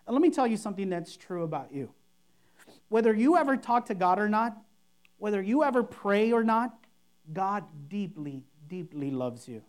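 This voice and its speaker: A woman's voice: mid-range voice, big pitch swings, normal speed, a little mellow. A woman pastor preaching a sermon, emphatic and repetitive, acting out showy and simple prayers to make her point. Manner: emphatic, repeats key phrases, mimics overblown prayers.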